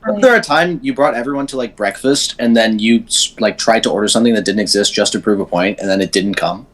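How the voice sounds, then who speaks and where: A man joining a casual group podcast, answering in a laid-back, low-key way. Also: quick pace, fairly bright tone.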